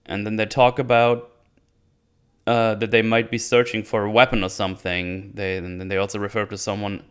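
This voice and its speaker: A man's voice: on the low side, level tone, moderate pace, clear, resonant tone. Sarcastic rambling male reviewer. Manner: sarcastic, rambling, laughs often. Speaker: video reviewer. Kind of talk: casual commentary.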